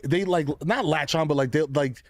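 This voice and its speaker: Podcast host dude, talks loose and slangy, lots of likes, dry mic. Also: male voice, on the high side, normal speed, no echo. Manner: loose and slangy, filler-heavy, laughs often. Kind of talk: casual podcast chat.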